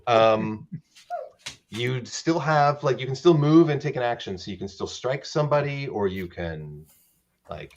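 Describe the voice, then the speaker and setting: A man running a tabletop role-playing game as dungeon master, talking in halting bursts with many restarts. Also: mid-range voice, lively intonation, dull audio.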